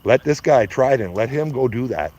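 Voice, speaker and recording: A man's voice: mid-range voice, animated, normal speed, a little mellow. A Canadian man in his fifties ranting on a live stream, blunt and profane, mocking his critics and laughing at his own jokes. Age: 50s. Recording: slightly dull lo-fi stream audio.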